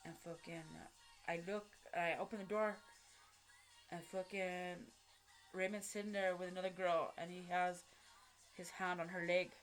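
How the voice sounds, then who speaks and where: A woman's voice: on the low side, flat delivery, measured pace, long pauses, faint music behind. Rambling, foul-mouthed woman telling a story. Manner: rambling, frequent swearing and slang, many fillers and self-corrections. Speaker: vlogger telling a personal story. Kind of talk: casual spoken storytelling.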